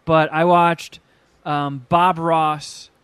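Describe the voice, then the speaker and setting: Casual podcast co-host, male, fairly high voice, swears freely, acts out the people he quotes. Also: extremely slow, a little hiss or hum. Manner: profane, animated storytelling with acted quotes. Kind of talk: casual chat.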